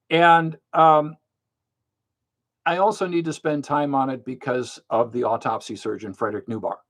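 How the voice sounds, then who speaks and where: Blunt older man hosting a live Q&A. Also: fairly low pitch. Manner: blunt, matter-of-fact, with many fillers. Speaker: livestream host. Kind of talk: casual live Q&A talk.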